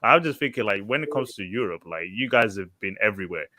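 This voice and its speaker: A man's voice: on the low side, lively intonation, fast talker, bright, forceful tone, dry recording, studio quality. A man co-hosting a podcast, talking casually and thinking aloud with restarts and fillers. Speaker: podcast co-host. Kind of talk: casual group chat.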